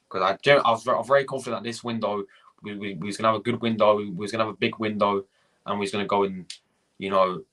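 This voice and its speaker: A young man rants on a live stream, swearing and going over the same point again and again. His voice is forceful and husky. He breaks off to greet people in the chat. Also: on the low side. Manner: ranting, swearing, repeating himself. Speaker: fan channel host.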